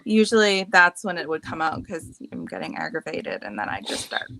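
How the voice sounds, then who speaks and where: A woman's voice: fairly low pitch, big pitch swings, moderate pace, fairly bright tone, no room sound. A woman from Massachusetts, a writer and artist, chatting casually on a panel and laughing often. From Massachusetts, USA. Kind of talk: casual chat.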